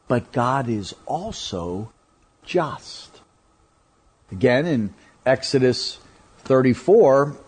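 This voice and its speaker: Male preacher, slow and emphatic sermon delivery, lively intonation. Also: mid-range voice, husky. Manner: emphatic, rhetorical questions, slow deliberate delivery.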